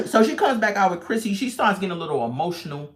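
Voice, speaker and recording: Woman chatting about a reality show episode, blunt and slangy, tells it real animated. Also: fairly low pitch, fast. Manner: animated storytelling, acts out people's voices; blunt, emphatic, uses slang. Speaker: YouTube reality-show reviewer. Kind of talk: casual chat.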